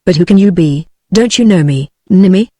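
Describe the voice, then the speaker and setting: A text-to-speech woman with a British accent voicing an earnest man made of tin in a storybook, in an even synthetic voice. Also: fairly low pitch, moderate pace, dry recording, clean studio sound, lightly acted. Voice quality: smooth synthetic reading voice.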